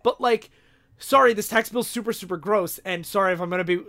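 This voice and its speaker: A man's voice: high-pitched, a little fast, bright, forceful tone. A man co-hosting a casual political chat, earnest and building his argument step by step. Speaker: podcast co-host.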